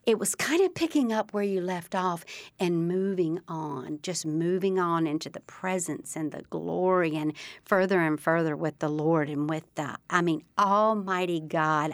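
A woman's voice: fairly low pitch, dry recording. A middle-aged woman hosting a faith podcast, introducing her guest in an effusive, enthusiastic way. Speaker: podcast host.

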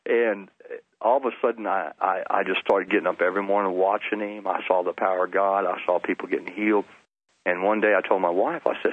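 A middle-aged Baptist pastor earnestly tells his testimony in an interview, often repeating words for emphasis. His voice sits low and moves a little fast, with no echo, on a dry, phone-like line.

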